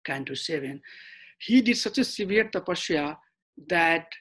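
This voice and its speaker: Husky-voiced man teaching scripture online. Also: a little high, animated, fairly bright tone, rough recording. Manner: halting, many fillers and restarts. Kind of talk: online scripture class lecture. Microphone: computer mic on a video call.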